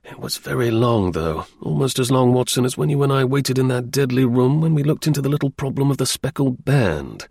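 A man voicing a brisk, dry-witted middle-aged detective in a crisp, measured and confident manner. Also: medium pitch, lively intonation, darkish tone, no echo. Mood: recounting.

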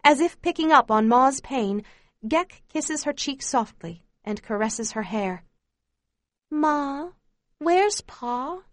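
A woman reading a first-person memoir aloud in a quiet, steady, grave storytelling voice. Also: a little high, a little slow, no echo. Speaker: narrator.

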